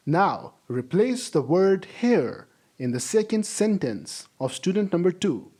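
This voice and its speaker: A man teaching a language lesson, saying model sentences slowly for students to repeat and praising them. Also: a little high, very animated, darkish tone. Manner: slow, drawn-out model sentences for repetition; encouraging, praises imagined students. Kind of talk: classroom-style language lesson.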